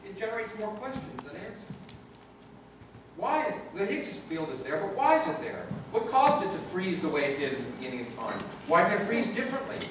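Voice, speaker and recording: A man's voice: high voice, very animated, a little fast, recorded from a distance, background noise. A man with a Canadian accent giving a public lecture and reading from his book, emphatic and rhetorical, with phrases built up in repetition. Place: large lecture hall. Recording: echoey hall recorded from afar.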